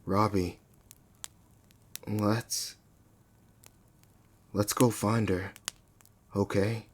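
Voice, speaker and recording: A woman voicing an eerie young man, speaking slowly and flatly in a deep voice. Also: breathy edge, heavily acted. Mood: eerie calm.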